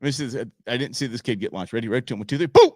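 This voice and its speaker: A man's voice: medium pitch, rapid-fire, no room sound, clean studio sound. A man hosting a show, casually commenting on clips and exclaiming and laughing at what he sees. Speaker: show host.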